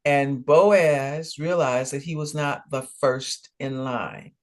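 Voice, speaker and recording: Male ministry co-host, unhurried Bible storyteller, playful voices for characters. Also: mid-range voice, fairly even intonation. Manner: storytelling, acts out dialogue. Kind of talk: conversational Bible teaching.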